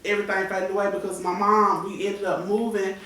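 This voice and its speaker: A woman's voice: mid-range voice, flat delivery, a little fast, fairly bright tone, a little hiss or hum. A woman in her thirties tells a painful personal story with candor, slipping into the voices of the people she quotes. Her voice rings around a strongly echoing room. She sits well back from the microphone. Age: 30s. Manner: candid, tearful retelling with acted-out quotes. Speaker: guest. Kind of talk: emotional personal storytelling on a talk show. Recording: echoey room, voice from far off the mic.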